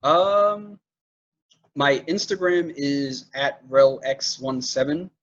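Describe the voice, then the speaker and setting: A man's voice: fairly high pitch, takes it slowly, a bit bright, highs cut off, a little hiss or hum. A man who manages a movie theater, guest in a casual interview, talking loosely with lots of fillers. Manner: loose storytelling with many fillers.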